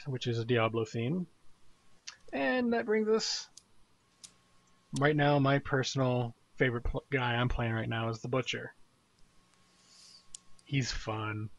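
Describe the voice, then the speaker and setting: A man hosting a live gaming podcast in a loose, rambling way. He speaks slowly and calmly, pausing often and chuckling at his own asides. His voice sits at an ordinary middle pitch. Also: highs cut off. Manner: rambling, laid-back, chuckling. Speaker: podcast host. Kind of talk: casual live podcast chat.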